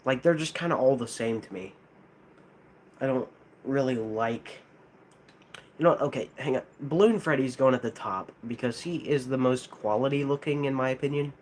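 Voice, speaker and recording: A man with a lisp, chatting casually on a live stream, hesitant and halting, with frequent restarts. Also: medium pitch, slight background noise. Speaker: streamer ranking plush toys.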